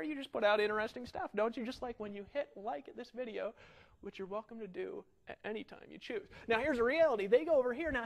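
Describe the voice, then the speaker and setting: A middle-aged man giving an energetic marketing webinar, animated and ranting, full of rhetorical questions. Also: very high-pitched, creaky. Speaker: online marketing instructor.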